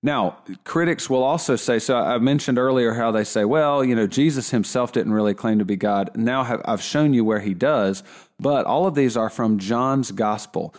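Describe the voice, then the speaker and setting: A man giving a relaxed Bible lesson in a conversational way, often restarting his sentences. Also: on the low side. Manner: conversational, with frequent restarts and fillers. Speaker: Bible teacher.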